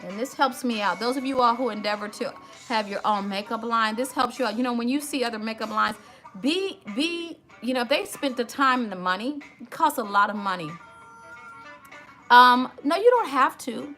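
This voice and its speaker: A woman's voice: on the high side, expressive, normal speed, fairly bright tone, faint music behind. A woman hosts a casual makeup tutorial, chatty and emotional, talking straight to her viewers. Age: 50s.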